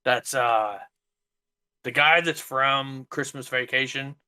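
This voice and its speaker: A married man co-hosting a casual podcast, speaking bluntly and deadpan, often trailing off mid-sentence. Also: medium pitch, slow, clear, resonant tone. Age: adult, married. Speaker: podcast co-host.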